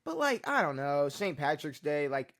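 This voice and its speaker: A man's voice: a little high, sing-song, moderate pace, a crowd in the background. Rambling young-sounding podcast guy. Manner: rambling, lots of fillers and restarts. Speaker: podcast co-host. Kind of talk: casual chat.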